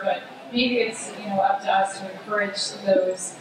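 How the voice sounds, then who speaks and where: A woman's voice: medium pitch, fairly even intonation, moderate pace, few pauses. Casual woman on an echoey panel. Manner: casual, lots of "like". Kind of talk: conference panel talk. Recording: echoey hall, distant mic, room noise.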